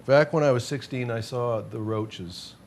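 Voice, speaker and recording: A man's voice: medium pitch, a little slow, gravelly, darkish tone, slight background noise. A man being interviewed as a musician guest, chatting casually in a rambling, self-deprecating way and laughing often.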